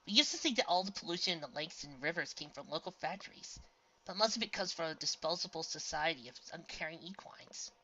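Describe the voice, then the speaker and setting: A woman's voice: low-pitched, expressive, fast talker, pushed and bright, highs cut off, a little hiss or hum, voice pushed up, exaggerated voice. A woman voicing a kindly, plain-spoken earth pony friend. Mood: caring.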